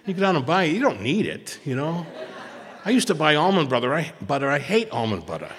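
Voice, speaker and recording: A man's voice: a little high, sing-song, quick pace, a bit bright, in a large hall. A man telling personal stories at a twelve-step recovery meeting, rambling, restarting often and acting out what people said. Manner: rambling storytelling with many restarts and acted quotes.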